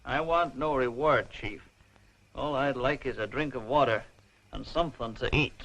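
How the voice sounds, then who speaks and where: An actor playing an earnest young cowboy hero with a plain, friendly manner in an old puppet show. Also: male voice, medium pitch, moderate pace, a bit bright, rough recording. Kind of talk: 1960s TV puppet show acting. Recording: old TV soundtrack with music underneath.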